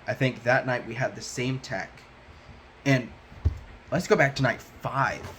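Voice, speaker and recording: A young man talks straight to the camera in a casual, meandering way, backing up and restarting sentences as he goes. He acts out snatches of what others said. His voice sits at an ordinary middle pitch, with a faint noise floor under the recording. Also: unhurried, a bit bright, low-quality recording. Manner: rambling, restarts a lot, acts out quotes. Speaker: vlogger. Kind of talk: casual storytelling.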